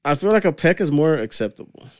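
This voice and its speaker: A man's voice: on the high side, big pitch swings, fast talker, no echo, clean studio sound. Laughing slangy young guy. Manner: laughs a lot, slangy, says "fool". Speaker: podcast co-host. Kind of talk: crude casual banter.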